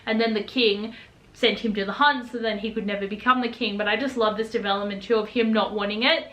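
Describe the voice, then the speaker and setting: A young woman giving a casual spoiler book review, gushing and excitable, sometimes acting out sassy lines. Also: medium pitch, fast. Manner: gushing, excitable, acts out quotes in sassy voices. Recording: echoey room.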